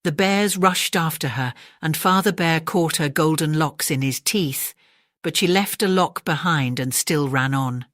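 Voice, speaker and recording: A woman with an English accent gently narrating a bedtime story audiobook. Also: low voice, no echo, studio quality. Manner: gentle, measured.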